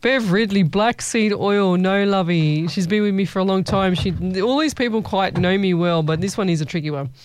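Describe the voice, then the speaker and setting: A woman's voice: medium pitch, normal speed, hardly any pauses, a little mellow, no echo. A woman hosting a radio show, chatting playfully with listeners and calling them lovey. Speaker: radio host. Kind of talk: casual chat reading listener messages.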